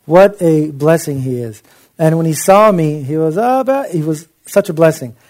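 A man's voice: on the high side, normal speed, a little mellow. A man preaching a sermon in an impassioned, conversational way, with frequent asides to his listeners.

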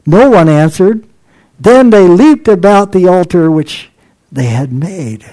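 A man with a notably high-pitched voice delivers an expository sermon. His tone is dark and mellow rather than bright. He reads scripture aloud, comments on each verse, and now and then chuckles at the text. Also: poor audio. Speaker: preacher.

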